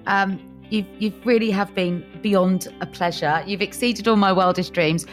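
A woman hosts an interview podcast over a video call. She speaks expressively and with emphasis, and faint music plays softly behind her. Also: medium pitch, steady tone, measured pace. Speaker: podcast host. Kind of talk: warm interview hosting.

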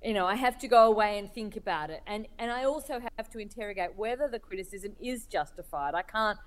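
A woman cartoonist being interviewed, speaking thoughtfully with many pauses, fillers and restarts. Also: medium pitch, lively intonation, a little hiss or hum. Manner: hesitant, many restarts and fillers, laughs while telling stories.

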